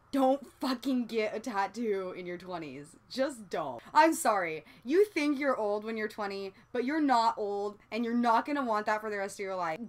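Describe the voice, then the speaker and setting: A young woman in her twenties with a Southern Californian accent, talking casually in a rambling, confessional vlog full of "like" and casual swearing. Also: on the high side. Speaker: vlogger.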